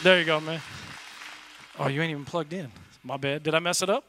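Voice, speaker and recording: A man preaching a casual, energetic sermon from a church stage, talking loosely with lots of "like" fillers and jokes. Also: a little high, a little fast, a crowd in the background, background noise. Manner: loose and conversational, full of "like" fillers, jokey. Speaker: pastor.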